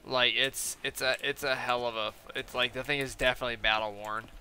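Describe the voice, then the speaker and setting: A man's voice: mid-range voice, fairly even intonation, a little fast, sharp tone, slight background noise. A young man chatting casually on a gaming live stream, rambling through a story full of fillers and quoted back-and-forth. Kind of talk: casual live-stream chat while playing.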